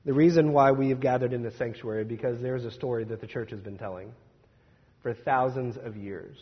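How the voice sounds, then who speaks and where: A man's voice: medium pitch, fairly quick, husky, long reverb tail, lo-fi sound. A man in his thirties, a pastor reading scripture and then preaching an Easter sermon in a church sanctuary, telling stories in a chatty way. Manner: conversational storytelling with laughs.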